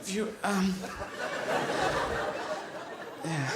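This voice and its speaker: British stand-up comic in a big theatre. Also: male voice, high voice, moderate pace, a loud crowd, very noisy. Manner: theatrical, rambling, jumps into silly character voices. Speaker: stand-up comedian. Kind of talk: stand-up routine. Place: large theatre stage. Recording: live theatre recording, roomy with loud audience.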